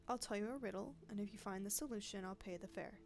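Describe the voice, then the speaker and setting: A proud, street-worn older woman who refuses charity and talks bluntly, her voice gravelly and rough at the edges, voiced by a woman reading along with a game. Faint game music plays underneath. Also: mid-range voice, fast, close to an everyday voice. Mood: bargaining. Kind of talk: reading game dialogue aloud.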